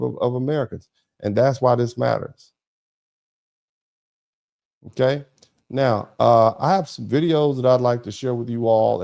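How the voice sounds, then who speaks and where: A man's voice: mid-range voice, mellow. A middle-aged man hosting a commentary livestream, emphatic and repetitive, with sarcastic asides to his chat. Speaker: host of a commentary broadcast.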